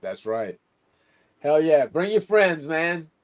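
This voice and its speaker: A man's voice: a little high, sing-song, slow. A man from Louisiana, a guest on a casual sports talk stream, laid-back and agreeable, with some cussing.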